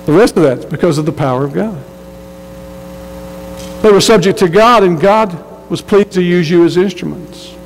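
A man's voice: high-pitched, normal speed, big-room sound, slight background noise, low-quality recording. A man preaching a sermon as pastor, earnest and emphatic, often repeating words as he restarts a phrase.

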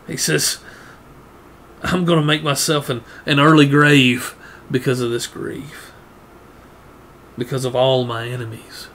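A man preaching a sermon, earnest, often repeating words and rising in pitch to press a point. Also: level tone, unhurried, long pauses, a bit bright, slight background noise.

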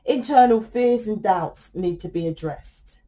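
A woman's voice: medium pitch, a little slow, mellow. Blunt, sweary woman reading tarot. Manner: blunt, swears freely, keeps asking "right?". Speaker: tarot reader. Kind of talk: casual tarot reading to camera.

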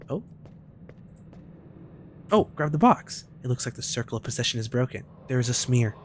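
A young man streaming a game, giving loud and excitable commentary with lots of swearing and trash talk. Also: mid-range voice, normal speed, pauses often, a little hiss or hum. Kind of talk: casual gameplay commentary.

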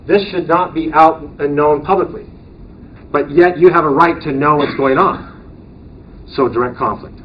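A man's voice: fairly high pitch, a little hiss or hum. Man lecturing a board training from afar. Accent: American. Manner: conversational, asks the room questions, often adds "right?". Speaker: trainer for county board members. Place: meeting room. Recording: distant, dull mic with faint ambience.

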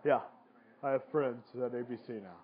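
Male streamer, mid-pitched, slangy and sarcastic, dull lo-fi phone audio. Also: normal speed, a little hiss or hum. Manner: slangy, mocking, swears freely. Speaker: live-stream commentator. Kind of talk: casual joking live commentary. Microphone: phone mic.

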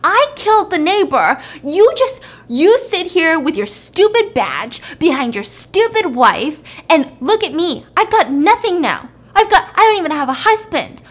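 A woman voicing a scheming widow who argues back in a loud, exasperated tone. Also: high voice, expressive, moderate pace, few pauses. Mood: defiant.

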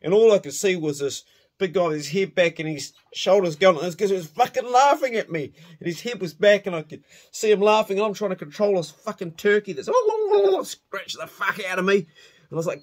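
A middle-aged man spins a rowdy yarn from his youth, animated and loose, swearing as he goes and laughing at his own mishaps. His voice sits a little higher than most men's. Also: a little fast. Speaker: storyteller. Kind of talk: casual spoken storytelling.

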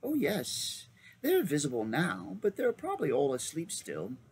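A genial, fussy old magician, as a male reader puts him on, speaking in a high, lilting old-man voice. His pitch leaps and swoops with lively storybook animation. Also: measured pace, a little hiss or hum, heavily acted. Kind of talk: storybook read-aloud.

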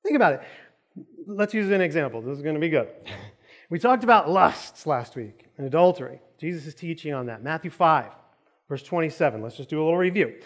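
A man's voice: on the high side, lively intonation, brisk. A man preaching a sermon in a church, telling a joking story with lots of energy. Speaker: pastor. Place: church auditorium.

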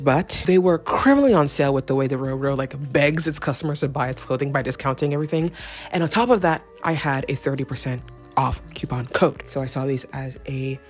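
A young woman hosting a casual clothing haul vlog at home, playful and self-mocking, chatting straight to the viewer with theatrical asides. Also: low voice. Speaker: fashion vlogger.

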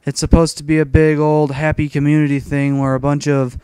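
A man's voice: a little high, little pitch movement, a little fast, darkish tone, smooth, dry recording. A young man telling a rambling, profane story in a casual rant over gameplay. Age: young adult. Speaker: gaming commentator.

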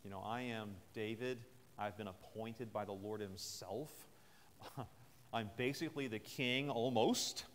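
A man's voice: a little high, lively intonation, moderate pace, slight background noise, lightly acted. A preacher voicing a boastful, proud warrior-king. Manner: dismissive, boastful. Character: proud indignant young male warrior-king. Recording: long chapel reverb.

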